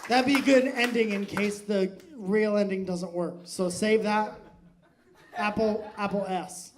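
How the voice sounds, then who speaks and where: A man's voice: high-pitched, fairly even intonation, a little slow. A man doing stand-up comedy crowd work on a live stage, joking loosely, swearing and laughing often. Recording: noisy live club recording.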